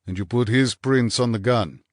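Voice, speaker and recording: A man voicing a bitter, menacing husband in an audiobook, snarling low and clipped with contempt. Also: normal speed, no echo, clean studio sound, natural voice. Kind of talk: audiobook character voice.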